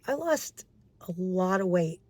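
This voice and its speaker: A woman's voice: lowish voice, sing-song, unhurried, a little mellow, no room sound. A middle-aged woman, a recovery coach, giving casual, earnest advice and repeating key phrases for emphasis.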